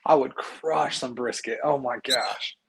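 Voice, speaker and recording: A man co-hosting a podcast, teasing his friend in an excitable, laughing way. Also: medium pitch, unhurried, gravelly, slight background noise. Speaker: podcast co-host. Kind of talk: casual chat.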